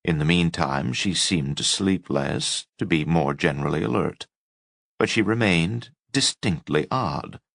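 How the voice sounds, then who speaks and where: Deep-voiced guy reading a memoir, measured storytelling, dry close mic. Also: expressive, gravelly, fairly bright tone, no room sound. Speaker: audiobook reader.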